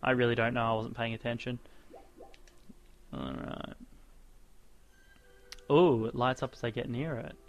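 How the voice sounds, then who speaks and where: A man's voice: medium pitch, fairly even intonation, a little slow, pauses often, faint music behind. A man giving casual, sarcastic let's-play commentary as he plays, ranting and exclaiming at the game. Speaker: gaming commentator and podcaster.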